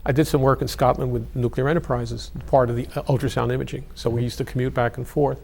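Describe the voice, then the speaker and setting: A hoarse older man in his eighties who tells anecdotes in a relaxed, chatty way. His voice is gravelly and rough, with a breathy edge. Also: mid-range voice, fast talker. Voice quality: gravelly, husky. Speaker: interviewee. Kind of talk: oral history interview.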